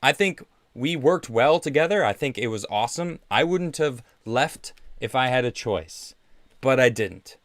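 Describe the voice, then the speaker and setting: A man hosting his own livestream show, talking casually in a sarcastic, animated and defensive way, often laughing. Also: medium pitch, unhurried, no room sound. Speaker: show host. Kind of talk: casual solo livestream talk. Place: vacation home.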